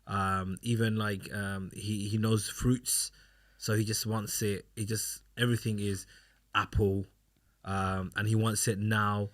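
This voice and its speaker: A man's voice: fairly low pitch, little pitch movement, a little slow, fairly bright tone. A young man co-hosting a casual podcast chat, rambling through anecdotes and acting out what others said. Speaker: podcast co-host.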